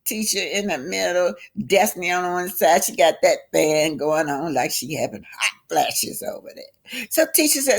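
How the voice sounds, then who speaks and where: A woman's voice: on the low side, animated, normal speed. A woman host chatting through a casual recap of a reality show, telling it like a story.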